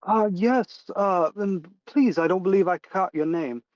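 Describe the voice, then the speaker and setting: A man's voice: sits high, a little slow, darkish tone, no echo, muffled recording, pitched above the performer's own voice. A man voicing a prim, formal woman who runs an academy, in a tabletop game. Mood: courteous. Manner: formal, courteous.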